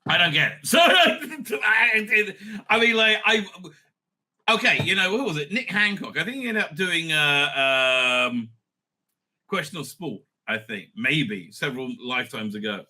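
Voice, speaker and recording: A middle-aged man hosting a casual TV review, excitable and blunt, swearing freely, laughing often and trailing off mid-thought. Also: on the high side, measured pace. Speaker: show host reviewing TV episodes. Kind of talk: casual rambling review monologue.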